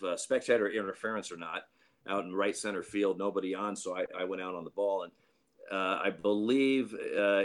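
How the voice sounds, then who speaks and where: A man in his late fifties, a retired baseball umpire, telling stories in a rambling way with frequent restarts and chuckles. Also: lowish voice. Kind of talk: anecdotal storytelling.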